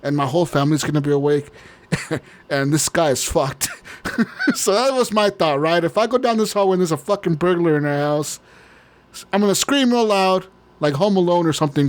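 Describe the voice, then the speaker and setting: A man co-hosting a podcast, telling a long story in casual chat, rambling, swearing often and laughing. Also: on the high side. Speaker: podcast co-host.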